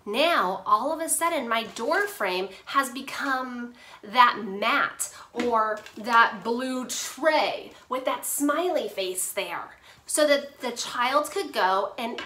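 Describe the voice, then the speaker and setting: Bright, high-voiced woman therapist. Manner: upbeat and playful, chats with a hand puppet. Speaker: occupational therapist. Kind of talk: instructional talk to parents and teachers.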